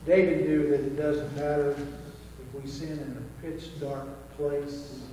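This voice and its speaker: A man's voice: on the high side, little pitch movement, slow pace, noisy background. A male pastor preaching a sermon in an earnest, folksy way with touches of humor. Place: church sanctuary. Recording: echoey church hall from far off.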